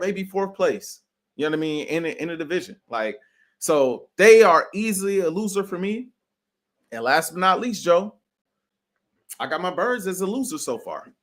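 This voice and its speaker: This sports podcast co-host has a high-sitting voice and speaks at a normal speed. Casual and loaded with slang, he keeps saying "bro" and pushes his strong opinions with animated emphasis.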